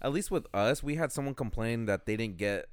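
Young guy, mid-pitched, casual and foul-mouthed, dry close sound. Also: animated, brisk, smooth, no room sound. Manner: casual, swears often, reacts with short remarks. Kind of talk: casual chat.

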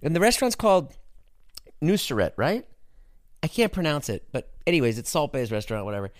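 Animated, lively young-sounding man telling a story. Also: on the high side, fairly quick, no echo, studio quality. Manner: animated, swearing, acts out quotes. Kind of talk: casual chat.

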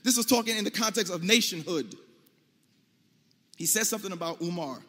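An American man with a high voice argues his case in a debate, emphatic and forceful, sometimes rising to near-shouts. His voice carries a long reverb from a large hall. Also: expressive, brisk. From United States. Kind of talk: debate speech.

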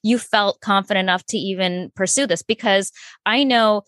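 A woman's voice: mid-range voice, moderate pace, fairly bright tone, no echo, studio quality. A woman hosting a podcast, asking encouraging follow-up questions in a casual interview. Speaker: podcast host.

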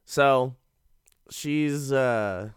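Casual, profane recapper: a man with a smooth, resonant voice, recorded dry. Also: medium pitch, extremely slow, dry recording. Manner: profane, rambling, laughs often. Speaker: show reviewer.

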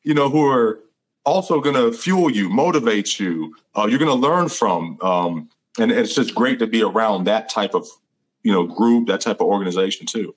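A man's voice: fairly low pitch, expressive, moderate pace, low-quality recording. A man hosting an interview, affirming and thoughtful, asking questions with many fillers. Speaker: podcast host. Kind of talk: conversational interview.

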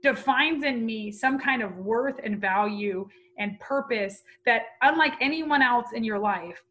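Bright-voiced woman telling a heartfelt story. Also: on the high side, measured pace, rough recording. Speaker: guest. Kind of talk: emotional personal interview talk.

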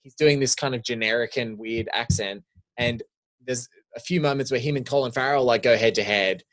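A man's voice: mid-range voice, fairly quick, a bit bright. A young adult man co-hosting a podcast, rambling through casual film chat with many restarts. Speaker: podcast co-host.

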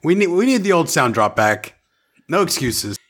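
Playful, animated male podcast co-host. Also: a little high, moderate pace. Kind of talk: casual chat.

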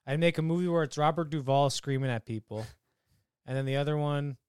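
A man's voice: on the high side, a little fast, smooth, no echo, clean studio sound. A man co-hosting a podcast, chatting casually and joking about films. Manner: animated, joking. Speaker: podcast co-host. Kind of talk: casual chat.

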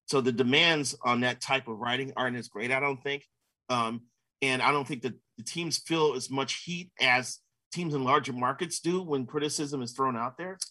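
A man's voice: medium pitch, normal speed, pushed and bright. A man from Minnesota, a sports columnist being interviewed, thoughtful and full of "you know" fillers. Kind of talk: casual interview.

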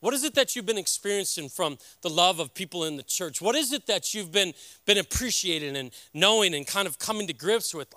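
Man, pastor, heartfelt sermon, halting delivery, slightly high pitch, dry close sound. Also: animated, sharp tone, dry recording.

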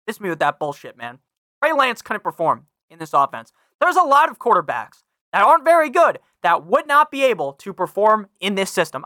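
Young man, podcast host, casual sports talk, swears a lot, bright voice, dry recording. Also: sits high, no room sound. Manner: brash, swears freely, talks to listeners directly; reads a sponsor ad. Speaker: fantasy football podcast host. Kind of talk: casual profane sports analysis.

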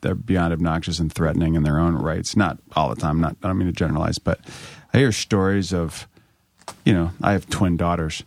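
Man, thirties, podcast host, relaxed, very low voice, dry close sound. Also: fairly quick, creaky, no room sound. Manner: relaxed, anecdotal, laughs easily. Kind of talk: casual chat.

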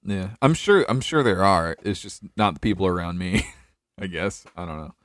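A man's voice: low-pitched, animated, moderate pace, dry recording, clean studio sound. A young man from North Carolina hosting a casual podcast, joking, laughing often and trailing off in restarts. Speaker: podcast host. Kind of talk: casual chat.

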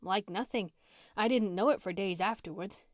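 A woman's voice: mid-range voice, moderate pace, no echo, clean studio sound, natural voice. A woman reading an audiobook and voicing a blunt, touchy orphan girl who talks in country slang.

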